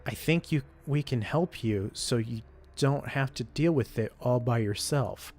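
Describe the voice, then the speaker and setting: A man's voice: medium pitch, a little slow, a little mellow. A man voicing earnest worried college girl Yo. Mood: pleading. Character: earnest young female college student, worried and caring.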